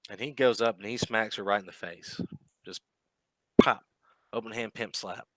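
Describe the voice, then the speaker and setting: A man's voice: on the low side, moderate pace, a bit bright, no echo. A man narrating as game master of a tabletop game, casual and descriptive.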